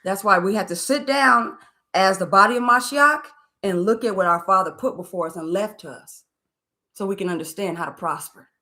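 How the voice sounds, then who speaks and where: A woman's voice: mid-range voice, fairly quick, pushed and bright. Woman preaching along in a bible study, mid voice, lots of "you see that?" and "don't do it". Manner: affirms constantly and asks rhetorical questions, emphatic exhortation. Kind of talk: preaching commentary in dialogue.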